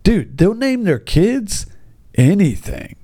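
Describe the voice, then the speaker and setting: A man's voice: high voice, big pitch swings, slow pace, dark tone. An American man who teaches English, telling an exasperated, sarcastic comic rant and acting out other people's voices. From United States. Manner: exasperated, sarcastic, acts out voices of kids and parents. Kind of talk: stand-up style comic rant.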